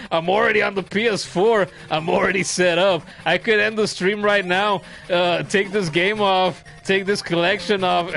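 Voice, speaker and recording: A man in his thirties streams a game and chats casually, a rambling, profane storyteller who laughs at his own funny tales. His voice sits high, with vocal fry and a fairly bright tone.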